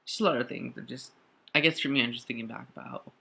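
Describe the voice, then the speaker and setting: A man recording a personal video diary while crying, speaking in a halting, emotional way with many pauses and fillers. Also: mid-range voice, creaky, slightly rough. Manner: grateful, soft-spoken confession. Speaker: vlogger.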